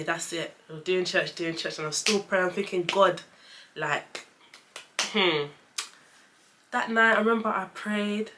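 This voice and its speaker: Bright chatty young woman. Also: on the low side. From London, England. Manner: chatty, lots of fillers, acts out dialogue in quick voices. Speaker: vlogger. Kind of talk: casual storytelling chat.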